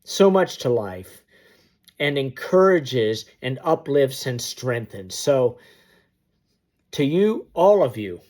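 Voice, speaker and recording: A man recounts a personal anecdote at an unhurried, deliberate pace. His voice sits at a middling pitch, and he colors the telling with sound effects. It carries an inspiring, motivational purpose. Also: big pitch swings, a little mellow. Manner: vivid storytelling with sound effects. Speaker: motivational storyteller. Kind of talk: personal anecdote told to camera.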